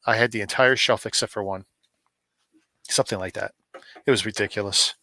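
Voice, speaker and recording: Bright-voiced middle-aged man chatting on a stream. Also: lowish voice, steady tone, a little fast, long pauses, no room sound. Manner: rambling, joking, chats to viewers by name. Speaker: live streamer opening advent calendars. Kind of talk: casual live-stream chat.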